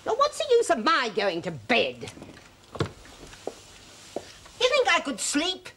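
A woman's voice: sits high, wildly swooping pitch, slow, full character voice. An actress playing a worldly mother who pleads with her cold daughter, swinging between bluster and pleading, in a period film drama. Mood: indignant. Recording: old film soundtrack with faint hiss.

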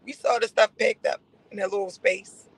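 A man's voice: high voice, steady tone, normal speed, a bit bright, slightly rough, low-quality recording. A man on a casual livestream, ranting in a sarcastic, repetitive way and laughing between phrases. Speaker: livestream host.

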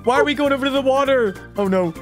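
A whiny little baby boy, put on by a man in a gaming role-play, with a very high, squealing voice. He exclaims at everything, excitable and easily scared, and faint music plays underneath. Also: fast talker.

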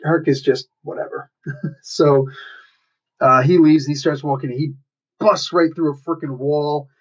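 A man casually retelling a comic book story in a chatty, loose way, dropping into quick acted quotes. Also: on the high side, fairly even intonation. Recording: dull lo-fi sound.

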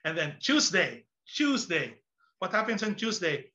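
A man giving an online teacher training talk, acting out classroom scenes in lively voices. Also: sits high, a little slow, muffled recording. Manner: animated, acts out classroom scenes with exaggerated voices.

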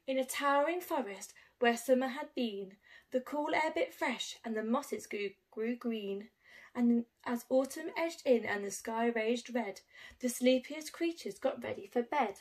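High-voiced teacher reading a picture book. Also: female voice, a little slow. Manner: expressive, sing-song rhyming delivery.

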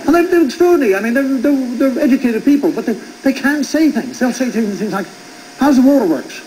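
A man in his fifties delivers a wry stand-up monologue, his fairly high voice leaping up and down as he acts out both sides of each exchange. The sound comes from an old television broadcast with a clear layer of noise underneath. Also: lively intonation, quick pace, darkish tone, low-quality recording. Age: 50s. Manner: wry storytelling, acting out both sides of dialogues. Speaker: stand-up comedian.

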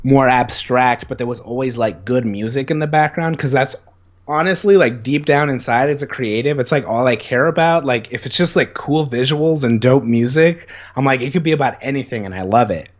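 With the highs cut off, this clip has a young man talking a little fast at medium pitch. He's the guest in a casual interview, rambling through lively stories and leaning heavily on "like."

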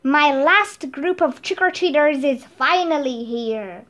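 A woman's voice: sits high, animated, slow, fairly bright tone, full character voice. A woman reading as a batty spooky secretary. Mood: teasing. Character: eccentric spooky woman school secretary in witch costume. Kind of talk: storybook read-aloud.

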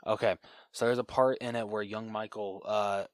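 A man's voice: on the low side, steady tone, normal speed, dry recording, studio quality. A man co-hosting a podcast, chatting casually about a film, rambling with lots of fillers and restarts. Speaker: podcast co-host. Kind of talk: casual film review chat.

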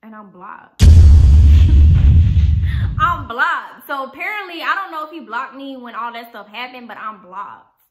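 A young woman vlogger telling a storytime tale in animated, slangy, profane talk. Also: fairly high pitch, moderate pace, muffled recording. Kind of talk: storytime vlog.

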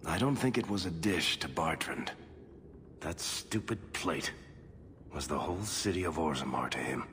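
An actor voicing a wry, confident male dwarf companion in a video game, lively and pressing. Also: a bass voice, moderate pace, long reverb tail, slight background noise. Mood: earnest.

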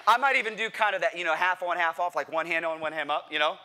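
A man preaching a sermon to a church congregation, animated and playful, asking the crowd questions and acting out what people say. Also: fairly high pitch, quick pace, smooth. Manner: animated, playful, acts out quotes; addresses congregation directly with questions. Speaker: pastor. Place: church sanctuary.

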